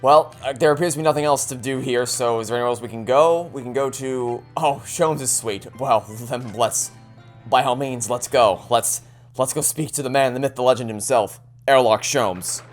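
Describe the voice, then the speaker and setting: A woman's voice: rumbling low, moderate pace, faint music behind. A woman giving chatty, joking commentary as she plays through a story game. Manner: chatty, joking, stumbling restarts. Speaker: let's play host. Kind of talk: casual gaming commentary.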